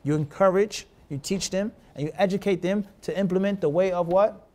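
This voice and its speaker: His voice sits high and has a darkish tone, and he keeps a brisk pace while teaching hadith in a classroom. Switching in Arabic terms as he speaks English, this Islamic teacher often asks rhetorical questions to check his students follow.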